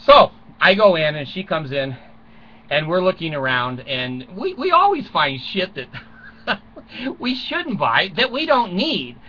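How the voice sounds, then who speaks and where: A man's voice: high voice, sing-song, slow, sharp tone, lo-fi sound, slight background noise. An older man rambling through a crude, self-mocking comic monologue from a small closet at home, chuckling often. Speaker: vlogger.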